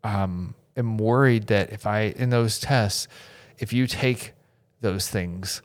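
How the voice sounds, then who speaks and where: Male podcast co-host, low voice, laid-back casual chat, trailing off softly. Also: takes it slowly.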